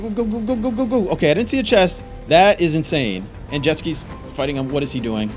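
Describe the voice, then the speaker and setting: A man giving frantic live gameplay commentary, exclaiming and frustrated, later calmly narrating. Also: on the high side, fairly quick, faint music behind. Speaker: gaming YouTuber.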